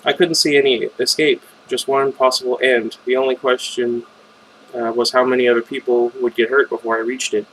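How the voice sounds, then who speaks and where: An amateur male reader narrates a fan novel in first person at a brisk pace, stumbling and making chatty off-script side comments. His medium-pitched voice is fairly bright with little pitch movement, and the poor audio carries slight background noise.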